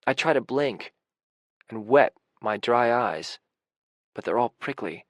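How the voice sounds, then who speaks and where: A male audiobook narrator with an average pitch, reading first-person prose in an intimate, emotional way. The recording is dry and close, with no room sound. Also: animated, slow pace, no room sound. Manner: intimate and emotional, with anxious, racing passages.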